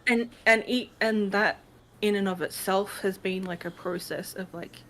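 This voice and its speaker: A woman's voice: medium pitch, measured pace, fairly bright tone, a little hiss or hum, low-quality recording. Chatty woman on a stream. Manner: chatty, laughs easily, trailing fillers. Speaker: guest streamer. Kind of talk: casual chat on a live stream.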